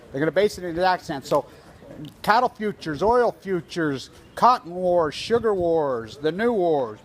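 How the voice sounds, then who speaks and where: Outdoors on a street outside an office building, a man films himself at a protest with a handheld camera, delivering rambling, agitated, conspiratorial commentary. He tells stories using quoted dialogue, his voice sits high, and there's slight background noise.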